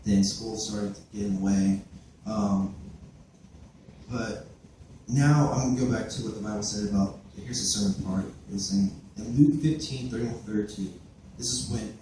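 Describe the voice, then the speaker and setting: A man's voice: on the low side, steady tone, normal speed, dark tone, a little hiss or hum. A teenage boy giving a personal testimony at church, hesitant, with many fillers and restarts, recorded by a camera from far off. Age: late teens. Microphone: far camera recorded by his father. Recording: echoey hall from far off.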